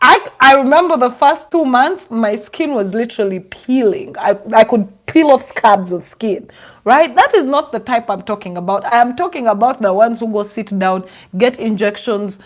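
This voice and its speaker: A woman's voice: on the high side, lively intonation, moderate pace. A young woman from Uganda, a vlogger giving sarcastic casual commentary with a lot of laughing.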